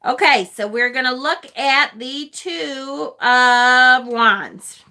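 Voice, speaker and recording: A woman hosting a casual tarot live stream, gushing and excitable as she reads viewer chat aloud. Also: high voice, takes it slowly.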